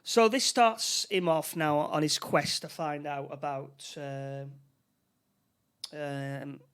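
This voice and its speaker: A man's voice: on the high side, steady tone, slow, fairly bright tone, smooth. A man co-hosting a casual film podcast, rambling through the plot with many repeated words and restarts. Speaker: podcast co-host.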